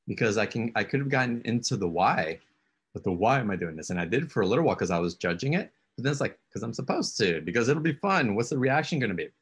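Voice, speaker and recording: A man's voice: lowish voice, husky. A man hosting a casual conversation, encouraging his guest and coaxing her with questions. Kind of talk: casual spiritual coaching chat.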